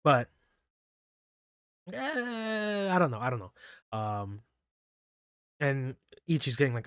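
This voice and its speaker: A man's voice: mid-range voice, big pitch swings, slow, pauses often, a bit bright, clean tone, no room sound. Rambling man recapping manga, dry close sound. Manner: rambling, full of fillers and restarts. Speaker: manga review channel host. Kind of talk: casual chapter recap.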